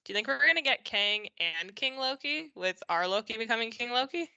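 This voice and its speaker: A woman co-hosting a live watch-along stream, chatting casually and tossing out quick joking reactions. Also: fairly high pitch, animated, gravelly, pushed and bright, no room sound, highs cut off.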